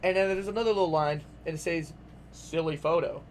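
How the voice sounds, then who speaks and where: A young man telling a long casual story to his vlog audience, rambling and animated, full of "like"s and swearing. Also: on the high side, a little fast, a little hiss or hum. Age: young adult. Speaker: vlogger.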